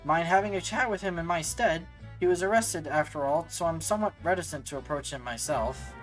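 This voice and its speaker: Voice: medium pitch, fairly quick, lightly acted, rough recording. A streamer voicing a haughty woman scholar, reading game dialogue in a theatrical, mock-formal way with stammers, over faint music. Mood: pompous.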